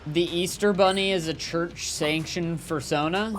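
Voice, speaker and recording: A man's voice: fairly high pitch, fairly even intonation, measured pace, a bit bright, soft background music. Rambling jokey gaming streamer guy. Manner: rambling, jokey, lots of fillers. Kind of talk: casual gameplay commentary, reading chat.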